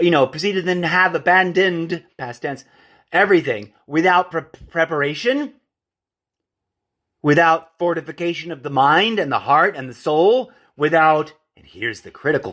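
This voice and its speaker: A man hosts a solo podcast in a slightly high, bright voice, animated but at a measured pace. He rants and digresses, often stopping to correct himself, and calls his listeners folks and friends.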